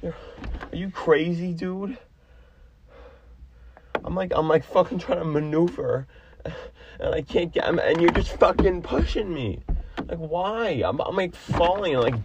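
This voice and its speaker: Young man yelling and swearing, lively pitch. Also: unhurried, pauses often, noisy background. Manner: swears a lot, erupts into loud yelps and squeaky outbursts. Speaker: vlogger. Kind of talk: casual bickering. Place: inside a car.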